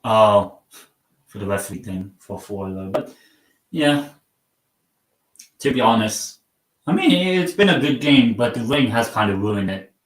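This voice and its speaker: A man hosting a casual live football watchalong. He rambles and mocks himself, and his sentences often trail off quietly. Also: lowish voice, animated, a little slow, long pauses. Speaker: live stream host. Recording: roomy sound from a mic at some distance.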